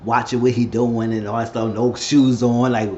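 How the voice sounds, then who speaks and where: In a casual recap vlog, a man rambles through a reality show episode, slipping into what each person said. His darkish, middle-pitched voice moves at a normal speed with little pitch movement, and the slightly dull lo-fi recording carries a faint hiss.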